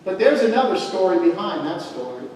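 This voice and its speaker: A man's voice: sits high, sing-song, fairly quick, a little mellow. A male pastor preaching a sermon as a storyteller who builds to emphatic points, recorded in a church hall. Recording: echoey hall, mic far off.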